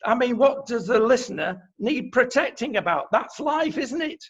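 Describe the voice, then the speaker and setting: A man's voice: very high-pitched, lively intonation, moderate pace, fairly bright tone, husky. A man with a Manchester accent co-hosting an opinion chat, blunt and indignant, with many fillers. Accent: Mancunian. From England. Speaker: co-host. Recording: dull lo-fi sound.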